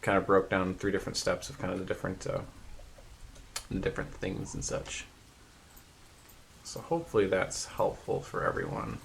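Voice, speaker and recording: A man hosting a live painting stream, chatting casually and rambling with many fillers, in a fairly even tone. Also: deep voice, normal speed, gravelly, long pauses, a little hiss or hum. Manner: says his voice rarely goes up or down.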